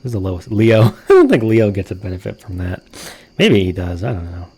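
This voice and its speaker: A man's voice: on the low side, very animated, brisk, warm tone, slightly rough. A man giving casual, profane, self-mocking let's-play commentary as he plays a farming game. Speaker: gaming streamer.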